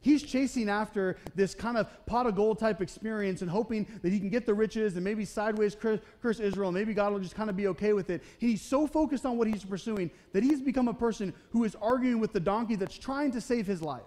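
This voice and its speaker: Man, high-pitched voice, pastor, casual sermon, church sanctuary, chatty check-ins with the congregation. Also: fairly quick, few pauses, a little mellow. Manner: conversational preaching, often checking in with "okay? right?"; acts out the Bible characters' voices in short quotes.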